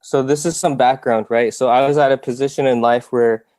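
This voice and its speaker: A man's voice: mid-range voice, fairly even intonation, fairly quick, darkish tone, no echo. A young man from Iowa telling his story as an interview guest, earnest and heartfelt, with many fillers and restarts.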